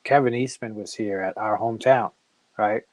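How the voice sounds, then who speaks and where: A man's voice: lowish voice, moderate pace, no room sound. A man from Massachusetts, a comic artist guest, telling long stories and acting out the dialogue of the people in them. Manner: animated storyteller who acts out quoted dialogue. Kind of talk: casual interview storytelling.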